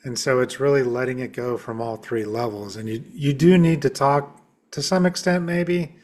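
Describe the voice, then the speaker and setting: A man hosts a podcast conversation and sets out his views calmly and step by step. He speaks at a middle pitch and affirms his guest's points. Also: normal speed. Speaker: podcast host and shamanic practitioner.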